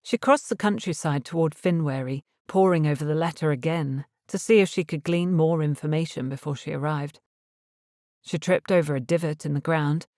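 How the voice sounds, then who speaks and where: Low-voiced woman narrating a novel. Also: no echo, studio quality. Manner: measured, even storytelling. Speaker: audiobook narrator. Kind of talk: scripted narration.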